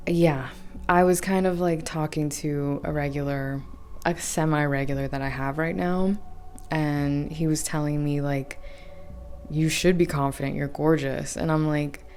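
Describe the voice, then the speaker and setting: A woman's voice: low-pitched, a little mellow. A young woman talking casually at home in a vlog, chatty and laughing often, full of "like" fillers. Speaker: vlogger. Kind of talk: casual reflective monologue.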